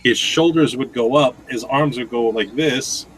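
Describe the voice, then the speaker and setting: A man's voice: medium pitch, measured pace, noisy background. A man hosting a casual chat, telling long rambling stories full of swearing. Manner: rambling, profane storytelling. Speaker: host.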